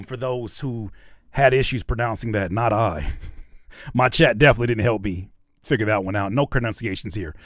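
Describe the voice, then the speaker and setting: Male reaction host, lively pitch, close and dry, loose joking delivery to his chat. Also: dry recording. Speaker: rapper and YouTuber reacting to videos. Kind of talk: casual reaction commentary.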